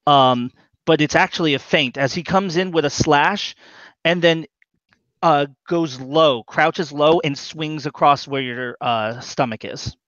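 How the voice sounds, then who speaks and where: A man's voice: on the high side, a bit bright, no room sound, highs cut off. Hesitant man running a tabletop game. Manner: halting, explains rules with many fillers. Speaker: game master.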